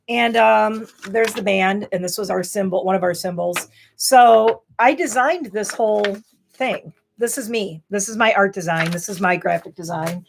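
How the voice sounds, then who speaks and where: A woman in her forties chatting casually to camera, telling rambling stories with animated, exclamatory bursts. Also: mid-range voice, vocal fry. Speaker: vlogger.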